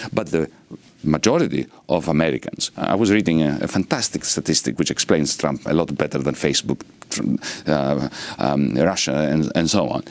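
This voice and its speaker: A man's voice: low voice, no echo. A middle-aged man from Greece with a Greek accent, an economist answering interview questions in an expansive, lecturing way. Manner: expansive, lecturing with sweeping rhetoric. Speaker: economist and politician guest.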